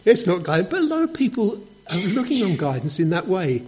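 Telling stories and acting out little quotes, a man preaches in a conversational way. His high voice is sing-song, a little fast and a little mellow, and the dull lo-fi recording carries a slight hiss or hum.

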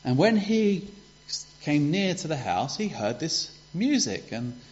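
This is a dull, lo-fi recording of a man giving a children's talk as a preacher, retelling a parable to his congregation in a conversational way. He asks rhetorical questions in a fairly high, darkish voice that swings widely in pitch and moves slowly.

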